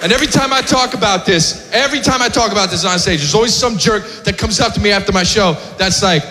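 A man doing stand-up comedy on stage, rambling and shouting his punchlines. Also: high-pitched, fast talker. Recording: echoey club with loud crowd.

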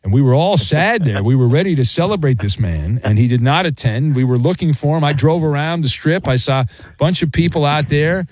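A man's voice: animated, fairly quick, darkish tone, no room sound. Playful teasing male radio host. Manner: teasing, playful, wide swings in pitch. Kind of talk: casual sports radio chat.

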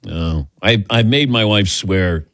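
A man's voice: lowish voice, slow, fairly bright tone, no echo, studio quality. An older man hosting a sports radio show, an easygoing, rambling storyteller. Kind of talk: casual sports talk show.

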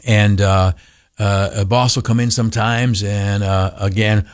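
A male radio broadcaster, speaking at a measured pace, delivers an animated motivational talk full of filler uhs and mocking high voices. It is a studio-quality recording with no echo.

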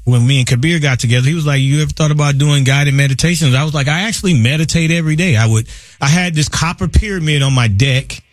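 A man in his fifties, a guest in a casual radio interview, talking loudly with laughs and shouted emphasis. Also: a little high, fast, dry recording, faint music behind. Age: 50s. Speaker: guest artist.

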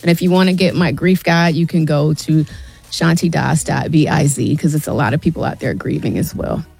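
A woman's voice: low-pitched, moderate pace, vocal fry, darkish tone, slightly rough, soft background music. A middle-aged woman guest on a radio show, speaking with earnest urgency and often saying "y'all". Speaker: guest, nonprofit founder. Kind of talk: emotional radio interview.

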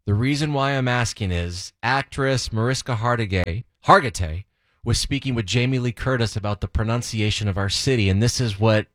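A man's voice: mid-range voice, a little fast, a bit bright, dry recording, clean studio sound. A man co-hosting a radio show, playful and easily exasperated as he banters. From Los Angeles. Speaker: radio co-host. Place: radio studio. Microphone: studio microphone.

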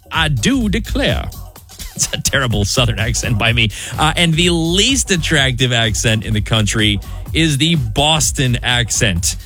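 A man's voice: medium pitch, a bit bright. A man hosting a morning music radio show, chatting and joking between songs.

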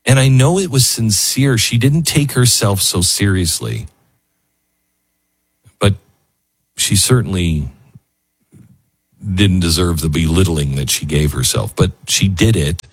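A man's voice: deep voice, expressive, unhurried, long pauses, husky, no echo, studio quality. A man hosting a talk show, speaking in a loose, emotional way with lots of fillers and restarts. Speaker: radio host. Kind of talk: casual on-air talk.

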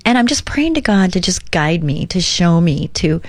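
A woman hosting her own radio show, reading a devotional aloud and talking earnestly and encouragingly about faith and calm. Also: fairly low pitch, dry recording. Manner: earnest, encouraging, reads slowly. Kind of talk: devotional reading and casual talk.

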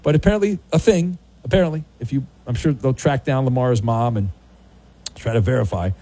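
A man hosting a sports radio show, chatting casually and teasing his callers. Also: mid-range voice. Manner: animated, talkative, quick to tease callers.

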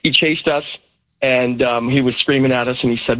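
A man's voice: mid-range voice, fairly even intonation, moderate pace, no echo. Male caller on a tinny phone line. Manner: rambling, many ums. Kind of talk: telling a story on a call-in show.

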